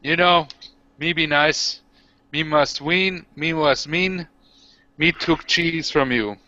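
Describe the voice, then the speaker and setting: A man's voice: on the high side, pushed and bright, dry recording, lo-fi sound, exaggerated voice. A man doing a blunt dim-witted orc. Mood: earnest. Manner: broken caveman grammar, slow and blunt. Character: dim brutish young male orc warrior.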